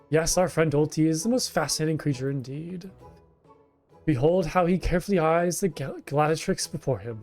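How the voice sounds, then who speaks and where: A man voicing a pompous, theatrical gentleman inspector in a video game, reading his lines aloud. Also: on the high side, natural voice. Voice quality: pompous, theatrical old-fashioned diction.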